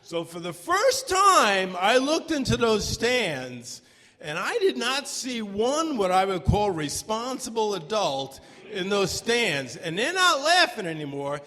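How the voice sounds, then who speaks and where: A man telling a true story live on stage, animated and breaking into shouts at the tense moments. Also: high-pitched, slow. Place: stage before a live audience. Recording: long hall reverb from a live venue.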